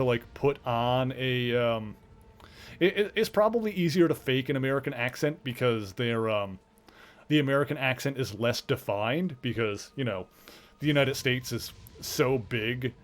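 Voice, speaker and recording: A man with a mild Canadian accent, chatting casually while streaming a game, rambling with lots of fillers and restarts. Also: medium pitch. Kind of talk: casual chat while gaming.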